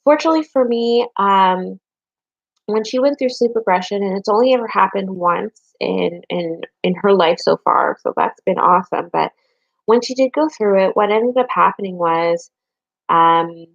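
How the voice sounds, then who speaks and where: A woman's voice: medium pitch, moderate pace, gravelly, no room sound, lo-fi sound. A young adult woman and parent giving frank, chatty advice straight to her viewers. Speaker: vlogger and parent. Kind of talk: casual chat to camera.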